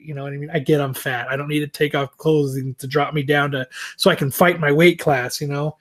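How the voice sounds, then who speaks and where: A man co-hosting a podcast, telling a long story in a casual, animated, self-mocking way, with plenty of swearing. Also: on the high side, brisk, hardly any pauses. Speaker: podcast co-host.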